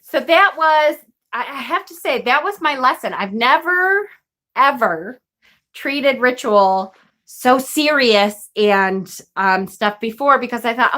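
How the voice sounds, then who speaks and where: Chatty bright-voiced woman in her forties. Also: on the high side, expressive, slow. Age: 40s. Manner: chatty, rambling, laughs often. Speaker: witchcraft vlogger. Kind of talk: casual storytelling chat.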